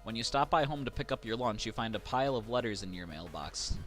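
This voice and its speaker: A man's voice: medium pitch, animated, fast, a bit bright, faint music behind. A man streaming a video game live, reading the on-screen text aloud between casual asides to his viewers. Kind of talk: live gameplay commentary.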